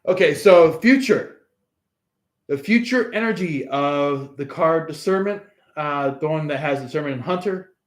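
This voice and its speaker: A man's voice: a little high, a little slow. A man giving a casual tarot reading in a rambling way, with many fillers, and acting out quotes in an echoey room. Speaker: tarot reader.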